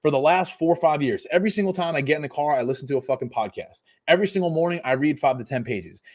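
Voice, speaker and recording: A man's voice: fairly high pitch, fast, darkish tone. A man in his twenties, a fitness coach, ranting emphatically and profanely on a live podcast. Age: 20s.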